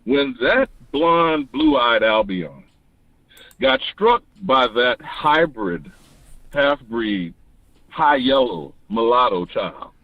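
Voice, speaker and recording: A man calling in to an online talk show, delivering an animated, preachy monologue that rises to emphatic declarations. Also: medium pitch, very slow, dry recording. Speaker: caller. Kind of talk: passionate call-in monologue. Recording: dull lo-fi dry call-in audio.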